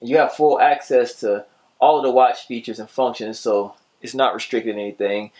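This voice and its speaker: A man reviews a gadget on his vlog, talking to viewers in a relaxed, slangy way at normal speed with a medium pitch and fairly even intonation. He signs off louder and more upbeat.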